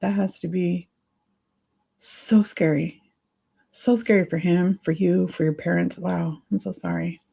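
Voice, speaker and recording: A woman's voice: fairly low pitch, fairly even intonation, measured pace, gravelly, dark tone, husky. A woman hosting a livestream, talking to viewers in a confiding, emotional, sympathetic way. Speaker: livestream host.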